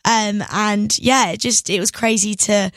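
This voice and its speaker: A woman's voice: medium pitch, fairly even intonation, unhurried, a bit bright, no echo. Chatty young English woman, dry sound. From England. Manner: chatty, laughs often, many fillers. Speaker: guest singer. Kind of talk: casual radio interview.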